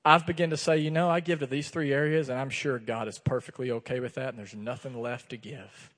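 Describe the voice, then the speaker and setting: In a church sanctuary with long hall reverb, a pastor speaks in a mid-range voice, a little fast. His sermon turns into an animated personal story in which he acts out the dialogue.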